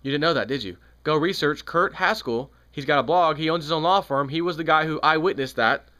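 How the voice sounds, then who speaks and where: A man's voice: fairly high pitch, a little fast, pushed and bright. A man giving an angry, sarcastic political commentary on his own channel, repeating points with rising heat. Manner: heated, sarcastic, repetitive. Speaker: video commentator.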